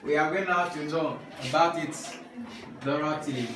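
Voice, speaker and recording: A man's voice: on the high side, normal speed, background noise. A man with an African English accent teaching French grammar to a class, explaining step by step. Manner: drills the class with call-and-response. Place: large echoey classroom. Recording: echoey room from far off.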